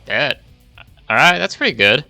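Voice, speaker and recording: A man's voice: mid-range voice, fairly quick, sharp tone, dry recording, faint music behind. A young man giving a rambling, casual play-by-play of a video game run, swearing and sighing at his losses. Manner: rambling play-by-play, swears, sighs when frustrated. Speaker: gaming YouTuber.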